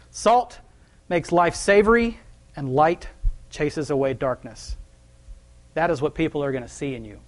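A young adult man preaching a sermon in a conversational, folksy way. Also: mid-range voice.

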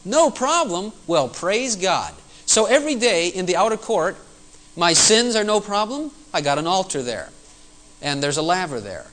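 A male pastor preaching a sermon to his congregation, animated and full of rhetorical questions. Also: high voice, moderate pace, rough recording.

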